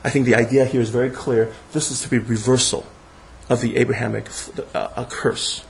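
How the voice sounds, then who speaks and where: A man lecturing to a class in a lively, halting way, often restarting his sentences and chuckling as he explains. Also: medium pitch, gravelly, slight background noise, low-quality recording. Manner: animated, halting with frequent restarts.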